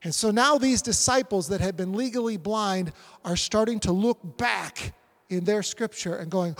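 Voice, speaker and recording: A man in his forties preaching a sermon, animated and acting out scripture scenes. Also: sits high, moderate pace, in a large hall. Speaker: pastor.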